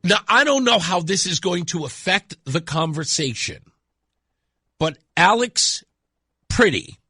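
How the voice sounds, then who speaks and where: An American man hosting a radio talk show, his voice hoarse and rough from a cold, talking in an animated, teasing, opinionated way. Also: no room sound. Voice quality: deep rough voice. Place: radio studio. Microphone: studio microphone.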